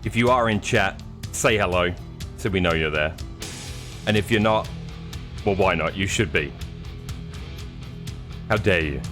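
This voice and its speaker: Low-voiced joking male race commentator. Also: a little slow, long pauses, a bit bright, faint music behind. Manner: jokey, playful teasing. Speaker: sim racing commentator.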